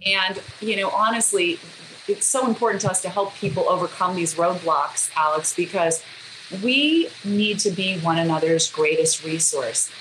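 A woman's voice: fairly low pitch, moderate pace. A woman interviewed as a guest author, telling earnest stories in casual conversation. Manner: earnest storytelling, acts out quoted speech. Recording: echoey room with background noise.

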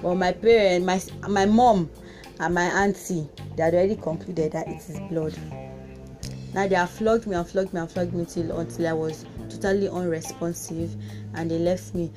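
A woman with a Nigerian accent hosting a podcast, telling a personal story in a casual, expressive way with exclamations and Pidgin touches. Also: fairly low pitch, normal speed, music in the background. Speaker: podcast host.

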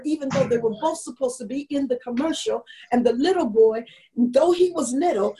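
A woman's voice: high voice, creaky, warm tone, rough recording. A woman leading a church class in an online meeting, telling a story and earnestly exhorting her listeners.

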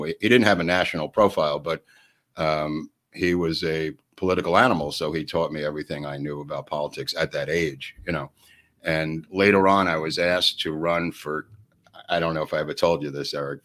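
Older NY guy, very low voice, chatty podcast co-host who acts out every quote. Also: fairly bright tone. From New York. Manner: rambling anecdotes, laughing often, pitch jumping up when acting out quotes. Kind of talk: storytelling in casual chat.

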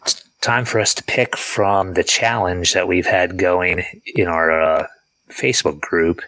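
Male podcast host, low and bright, slightly hoarse, easygoing. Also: steady tone, unhurried, rough recording. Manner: easygoing, self-deprecating. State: voice going hoarse. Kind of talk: casual chat.

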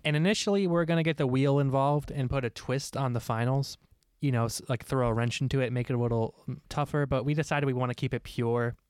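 A young man hosting a casual podcast game night, chatty and relaxed, in a loose conversational way. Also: mid-range voice, fast, few pauses, smooth, no echo, clean studio sound. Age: young adult. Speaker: podcast host running a movie game. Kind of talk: casual chat.

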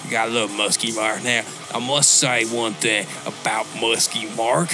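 A man voicing a gruff, rambling male biker who pitches a charity in a comedy ad parody. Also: fairly even intonation, over music, lightly acted. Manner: rambling, folksy, slow.

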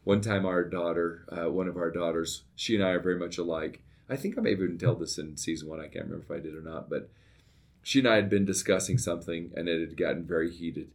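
A middle-aged man, a podcast co-host, talking casually and telling lively stories, often checking in with "right?". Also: sits low, fast. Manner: storytelling, animated when recounting, often asks "right?". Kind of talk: casual conversation.

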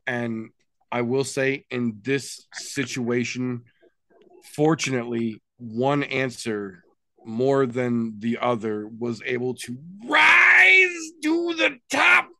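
A man's voice: mid-range voice, steady tone, slow pace, no echo. Joking male podcast host, dry sound. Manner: playful, mock-dramatic announcer flourishes. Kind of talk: casual podcast banter.

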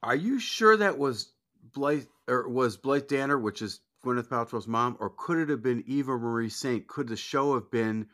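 A man's voice: medium pitch, lively intonation, moderate pace, fairly bright tone. A man co-hosting a casual chat show who talks reflectively and asks probing questions. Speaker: podcast co-host.

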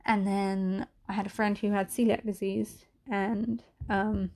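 A woman's voice: mid-range voice, little pitch movement, unhurried, a little mellow. Young woman doing a solo podcast, rambly, lots of "like", swears, a bit teary. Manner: rambling, many "like" fillers and swearing; emotional, voice near tears at times. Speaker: podcast host. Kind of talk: candid solo podcast monologue.

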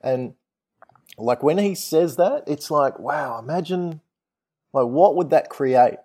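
A man's voice: on the high side, expressive, slow pace, warm tone, slightly rough. A man in casual conversation who speaks in a reflective way and often hesitates over his words. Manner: reflective, hesitant, uses many fillers.

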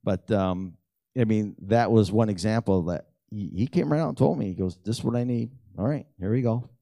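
A middle-aged man telling prayer stories in a lively, animated way, acting out the dialogue. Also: a little fast, creaky, no echo. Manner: animated storyteller who acts out dialogue with big pitch jumps. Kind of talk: storytelling testimony talk.

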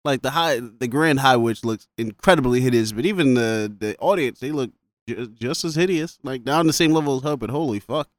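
Excitable slangy man, dry mic. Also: mid-range voice, a little fast, no room sound. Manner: excitable, slangy, laughing disbelief. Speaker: podcast co-host discussing a film. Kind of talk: casual chat.

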